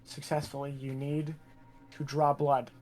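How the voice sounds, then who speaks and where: A man's voice: a little high, little pitch movement, unhurried, darkish tone, faint music behind. A man running a tabletop role-playing game as game master, narrating in a casual, laid-back way.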